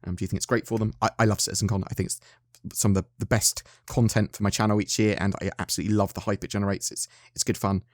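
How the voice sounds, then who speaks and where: A man's voice: on the low side, flat delivery, rapid-fire, dry recording, studio quality. An English man hosting a gaming channel, chatting casually and self-deprecatingly to his viewers with frequent restarts. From England. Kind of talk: casual video chat to viewers.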